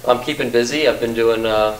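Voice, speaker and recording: A young man chats as a guest on a college talk show, earnest one moment and wry the next, often breaking into laughter. His voice sits in a middle pitch. The room sounds echoey, with a faint background noise. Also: fairly even intonation, a little fast. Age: young adult. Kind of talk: casual interview chat. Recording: roomy echo, faint noise.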